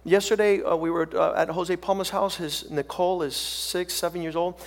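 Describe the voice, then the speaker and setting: A man preaching from the pulpit as a pastor. He talks in a loose, conversational way full of restarts and repeated words, then builds to fervent, loud, emphatic bursts. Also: high voice, steady tone, normal speed. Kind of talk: preaching a sermon.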